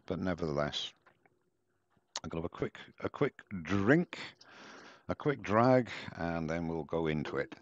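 Male host, very low voice, dull dry headset sound, rambling and self-mocking. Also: big pitch swings, measured pace, long pauses, dry recording. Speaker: host of a live woodturning demo. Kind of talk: casual live-stream chat.

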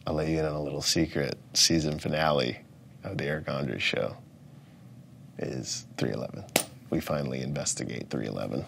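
A man in his thirties doing a comedic rant, profane, jumping between loud outbursts and mumbled asides. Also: very deep voice, moderate pace, gravelly, breathy edge. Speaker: comedian rating things as overrated or underrated.

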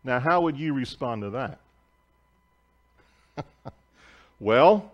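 A male pastor preaching in a church at an unhurried, deliberate pace. His voice sits at an ordinary middle pitch, and he tells his story with emphasis, rising to loud declarations and then dropping to hushed asides. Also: animated. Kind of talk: sermon. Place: church sanctuary.

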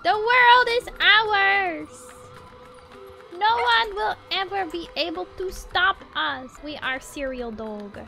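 A woman voicing a menacing serial-killer dog in a low, hushed, plotting tone during a game stream. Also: slow pace, vocal fry, faint music behind, exaggerated voice. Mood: sinister. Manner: low, hushed, sinister scheming.

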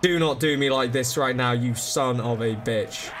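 A young man commentating his game live, excitable, swearing and begging the game for help. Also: medium pitch, a little slow, hardly any pauses. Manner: swears, begs and pleads under pressure. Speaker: gaming streamer. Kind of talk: frantic live gameplay commentary. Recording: loud game music behind. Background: game music.

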